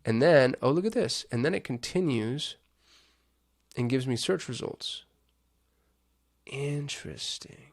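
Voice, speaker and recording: A man's voice: mid-range voice, expressive, normal speed. A man hosting a casual screen-share walkthrough on digital marketing, thinking aloud with chatty asides.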